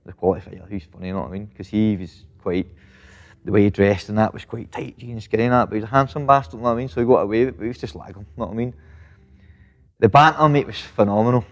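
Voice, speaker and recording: Scottish male boxer in his thirties, deep-ish voice, loose and profane, recorded with lingering reverb. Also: steady tone, very fast. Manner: swears freely, fills with "mate" and "know what I mean". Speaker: professional boxer, guest. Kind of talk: casual interview reminiscing. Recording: long reverb.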